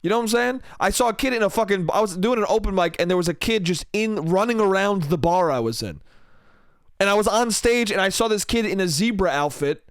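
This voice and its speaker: A man's voice: sits high, expressive, a little fast, no echo, clean studio sound. A young man hosting a solo podcast, rambling crudely and laughing at his own jokes. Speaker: podcast host.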